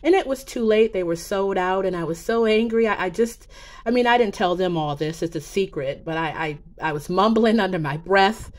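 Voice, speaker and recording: A woman making psychic predictions in a casual vlog, talking slowly in a rambling way with many fillers and restarts. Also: medium pitch. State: emotional, near tears. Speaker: psychic vlogger.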